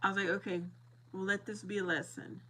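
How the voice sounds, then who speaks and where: A middle-aged woman chats casually with her viewers, telling a story with lively, animated delivery and frequent laughter. She plays out both sides of the exchange herself. Her voice is bright and forward, at an ordinary middle pitch. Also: brisk, rough recording. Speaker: streamer chatting with viewers.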